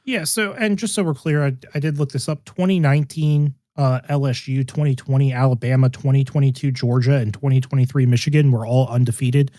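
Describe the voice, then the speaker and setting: A man's voice: medium pitch, fairly even intonation, brisk, few pauses, dark tone, no echo, studio quality. A man co-hosting a sports podcast, chatting casually in a laid-back, matter-of-fact way. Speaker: podcast co-host.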